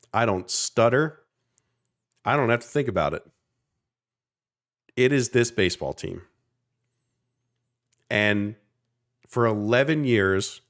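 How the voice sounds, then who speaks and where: Podcast co-host, man in his thirties from South Jersey, lowish voice, passionate rambling chat. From South Jersey, near Philadelphia. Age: 30s. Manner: passionate, rambling, swearing for emphasis. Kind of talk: casual chat.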